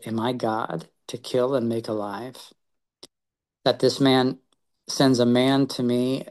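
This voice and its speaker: A man leading a small Bible study, reading scripture aloud and then reflecting on it in an earnest way. He talks haltingly, often repeating a word or starting a phrase over. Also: medium pitch, darkish tone. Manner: halting, with frequent repeated words and restarts.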